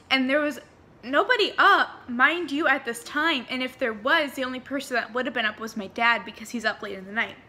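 A woman's voice: a little high, bright, forceful tone. A young woman chatting through a paranormal storytime vlog, rambling and full of fillers. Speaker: vlogger.

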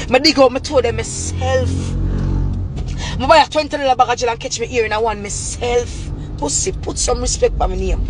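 A Jamaican woman ranting to camera in a heated, profane, repetitive tirade that breaks into shouting. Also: a little high, a little hiss or hum. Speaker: vlogger. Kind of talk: angry rant to camera.

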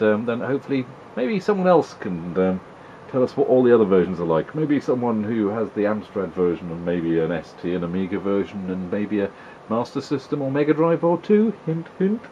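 A man's voice: fairly low pitch, expressive, fairly quick, muffled recording, a little hiss or hum. A man giving wry, chatty commentary while playing an old video game, teasing the characters on screen. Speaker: retro gaming video host. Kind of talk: casual gameplay commentary.

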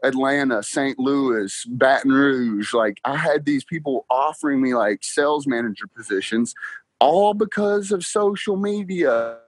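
A young man, a car salesman guest telling his story in a casual interview, excited and quick to laugh. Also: mid-range voice, no room sound. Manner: excited, laughs often, talks fast with "like" and "bro".

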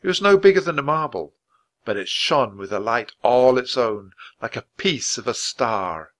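A storybook reader with a mid-range voice reads a children's adventure aloud in a bright, forward tone. His pace is clear and measured for learners, lively and expressive but never rushed.

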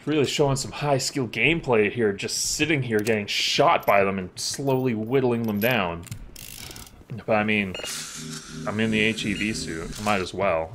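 A gaming channel host gives casual let's-play commentary on his video game playthrough, joking and talking back to the characters on screen. His voice is lowish and a bit bright at normal speed, with slight background noise.

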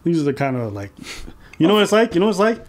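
A man co-hosting a commentary show, talking casually in a mocking, animated and profane way. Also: on the high side, very fast. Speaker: commentary channel co-host.

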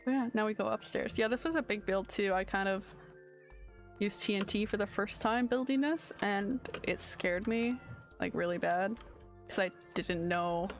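Soft background music accompanies a woman streamer's casual, sleepy commentary on her game, which rambles as she often searches for words. She speaks at medium pitch and a moderate pace.

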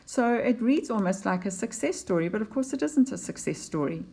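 A woman teaching a poetry lesson, explaining slides in an unhurried way with fillers and restarts. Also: mid-range voice, expressive, creaky, dark tone, slightly rough.

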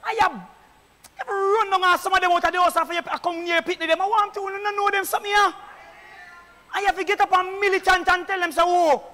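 Fervent Jamaican deacon preaching in a hall. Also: male voice, very high-pitched. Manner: fervent, shouting preacher in patois. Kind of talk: preaching at a church meeting. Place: church. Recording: echoey church hall.

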